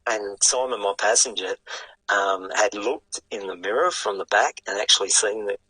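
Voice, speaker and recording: Husky older Australian man spinning a yarn. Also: on the low side, moderate pace, no echo, low-quality recording. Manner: animated yarn-spinning with casual swearing. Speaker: guest, retired sidecarcross racer. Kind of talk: casual storytelling.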